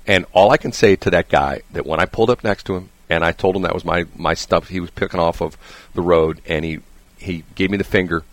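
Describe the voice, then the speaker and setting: Male radio host, slightly hoarse, lowish voice, dry studio sound, lively storytelling. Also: brisk, dry recording. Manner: animated storyteller, laughs often. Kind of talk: casual radio banter. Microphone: studio microphone.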